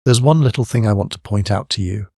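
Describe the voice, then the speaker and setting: A man voicing a shrewd middle-aged police superintendent who speaks in a measured, quietly firm way. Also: lowish voice, creaky, no room sound, clean studio sound. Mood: steady.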